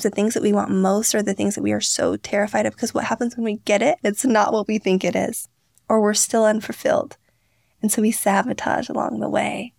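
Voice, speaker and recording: An earnest young woman tells stories on a podcast, slipping into quoted voices as she goes. Her voice carries a gravelly fry. The sound is dry and close. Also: mid-range voice, a little mellow, no room sound. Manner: earnest, storytelling, acts out quotes. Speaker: podcast guest, founder. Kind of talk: candid interview talk.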